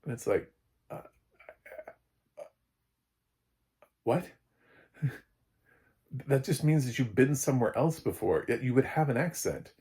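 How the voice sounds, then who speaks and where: A man's voice: medium pitch, lively intonation, moderate pace, long pauses, mellow. An American man giving a casual spoken film review, blunt and sarcastic, rambling with lots of fillers and restarts. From United States. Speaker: film critic.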